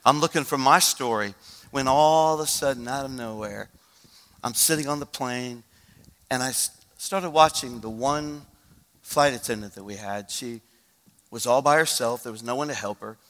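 Male pastor, sermon, bright forceful voice, slightly high, long hall reverb. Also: moderate pace. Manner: swings from shouted urgency to hushed storytelling.

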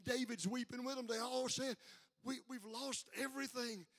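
An older man preaching a fiery sermon, building from quiet talk to shouted peaks and calling out for responses. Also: very high voice, steady tone, normal speed. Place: church sanctuary with congregation. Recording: live hall with long reverb.

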